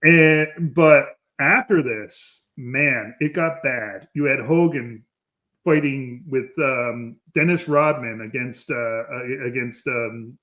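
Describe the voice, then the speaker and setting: A man's voice: medium pitch, takes it slowly, bright, forceful tone. Chatty man co-hosting a podcast. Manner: rambling, many fillers, laughs while telling stories. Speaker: podcast co-host. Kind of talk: casual wrestling history chat.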